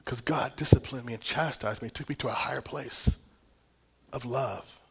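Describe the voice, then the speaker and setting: A middle-aged man preaching a sermon, telling a personal story with big swings from whispers to loud, laughing exclamations. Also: medium pitch, moderate pace, vocal fry, breathy edge. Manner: animated storytelling, dropping to whispers and rising to near shouts.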